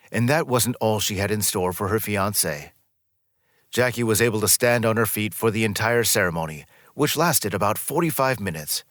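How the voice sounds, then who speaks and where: A man with a low voice narrates a scripted story, his pitch rising and falling in a lively way. The reading is smooth and even, close to the mic, with a dry sound and no room echo.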